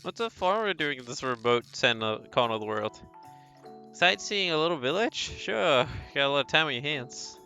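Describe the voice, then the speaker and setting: A guarded young village boy who brushes off questions with curt, scornful jabs, as a man voices him. His tone is bright and hard-edged, with faint music underneath. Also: on the high side, animated, normal speed.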